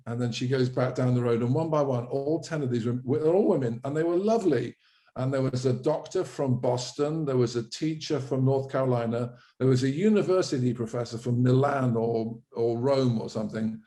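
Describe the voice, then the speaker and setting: A middle-aged man telling an anecdote as an interview guest, lively and self-correcting, with quick asides. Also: medium pitch. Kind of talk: anecdotal storytelling.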